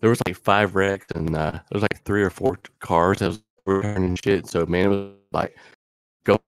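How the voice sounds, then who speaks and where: A man's voice: low voice, steady tone, normal speed, clear, resonant tone. A man talking casually as a guest on a stream, laid-back and slangy, with swearing. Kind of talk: casual chat.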